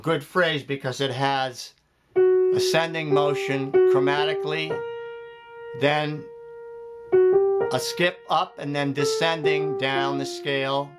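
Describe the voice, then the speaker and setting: A man's voice: a little high, flat delivery, slow pace, pauses often. A man giving a jazz piano lesson, explaining phrasing step by step and counting beats aloud. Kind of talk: spoken music lesson. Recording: loud piano playing behind the voice.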